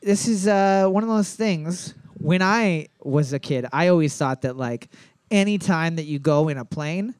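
A man's voice: on the high side, clean tone, dry recording. A man hosting a casual trivia chat, reading each question twice between jokes. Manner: joking, reads questions twice, slows down to read. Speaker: quiz host.

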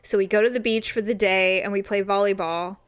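A woman's voice: medium pitch, steady tone, a little fast, clean tone. A woman co-hosting a casual chat, telling a story with lots of energy and acting out the voices of the people in it. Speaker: co-host.

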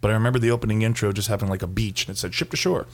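A man's voice: fairly low pitch, very fast. Laid-back man trading movie trivia. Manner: relaxed, trivia-minded, offhand swearing. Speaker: podcast co-host. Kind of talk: casual movie recap chat.

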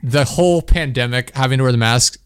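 A man in casual chat, telling a story in an animated way and chuckling along. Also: mid-range voice, brisk, smooth, no room sound, studio quality.

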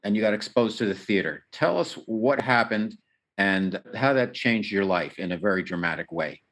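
A man's voice: fairly low pitch, animated, moderate pace, fairly bright tone. A man hosting an interview, asking long questions that set up each story. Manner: asks long setup questions. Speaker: interview host.

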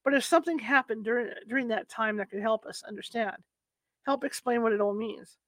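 An anxious young mother pleads in earnest, her voice sitting somewhat high, as a woman narrator reads her. The audiobook reading is close and dry, with no room sound. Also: a little fast, dry recording, close to an everyday voice.

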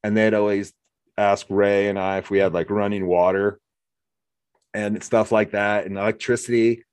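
Man, forties, from Wyoming, host, low voice, animated storyteller, dry close sound. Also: moderate pace, clean tone, dry recording. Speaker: podcast host. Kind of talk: casual conversation.

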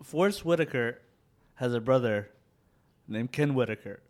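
A man co-hosting a casual podcast chat, joking and quick to laugh. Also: medium pitch, lively intonation, darkish tone. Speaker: podcast co-host.

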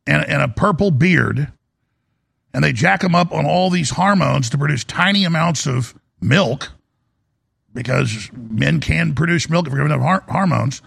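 A man's voice: on the high side, fairly bright tone, dry recording. A man hosting a live broadcast from a studio, delivering a rambling monologue with restarts and sudden emphatic rises. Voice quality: gravelly and husky. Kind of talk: monologue commentary.

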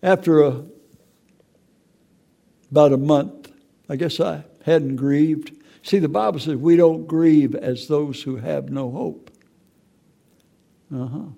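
An older man speaks in a gravelly, rough-edged voice, pitched a little high for a man. He tells his testimony with raw emotion and often stumbles over repeated words as he goes. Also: takes it slowly, pauses often, warm tone. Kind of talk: personal testimony.

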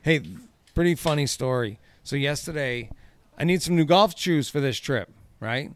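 A man's voice: a little high, moderate pace, smooth, no room sound. A man hosting a podcast, telling stories in a casual chat, laughing and swearing freely. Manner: laughing, profane storyteller. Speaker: podcast host.

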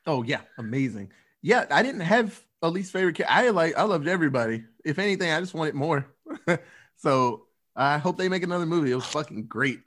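A man's voice: on the high side, lively intonation, fairly quick, a bit bright. A man hosting a casual movie chat, rambling with lots of fillers and swearing. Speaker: podcast host.

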